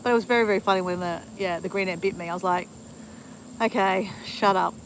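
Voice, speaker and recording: A woman's voice: on the low side, rapid-fire, a little hiss or hum, low-quality recording. Chatty woman outdoors. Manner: chatty, rambling, often adds "right?". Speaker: live streamer. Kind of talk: casual live-stream monologue. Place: outdoors at a bushland cemetery.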